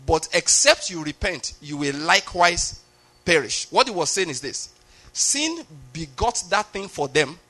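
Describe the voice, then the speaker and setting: A man's voice: sits high, pushed and bright. A man preaching a sermon, explaining a passage step by step and often checking that his listeners follow.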